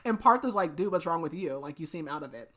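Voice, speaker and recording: A woman's voice: sits low, lively intonation, fast, a bit bright. A woman hosting a podcast, casually retelling a book's plot with lots of "like" and "basically", adding laughing asides. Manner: chatty retelling, heavy use of "like" and "basically". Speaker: podcast host. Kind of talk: casual book recap.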